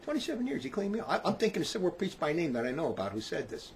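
A man in his sixties preaches in a high, lively voice that leaps up and down. He talks with fiery passion, sinking into low quiet remarks and then rising to shouts. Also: very fast, slight background noise. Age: 60s.

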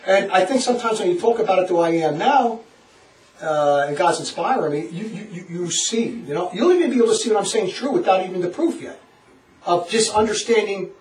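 A man giving a passionate religious lecture to a small group, animated and laughing often as he acts out quotes. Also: high voice, a little fast, echoey room, far from the mic, rough recording. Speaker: religious teacher.

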